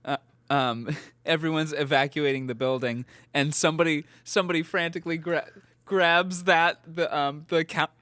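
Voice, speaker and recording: A man's voice: a little high, fairly even intonation, moderate pace, fairly bright tone, no echo. A man co-hosting a podcast, telling a rambling made-up story between laughs, with the hiccups. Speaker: podcast co-host. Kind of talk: casual comedic chat.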